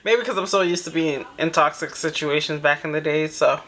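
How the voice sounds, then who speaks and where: A woman's voice: sits low, a little fast, a bit bright. A woman hosting a reaction video, chatty and laughing as she comments, calling the listener baby. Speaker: reaction channel host.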